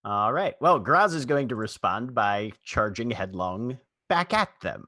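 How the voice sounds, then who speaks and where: Brief: male tabletop player, clear bright tone, dry mic, steady delivery. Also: medium pitch, a little slow, no room sound. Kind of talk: casual tabletop play.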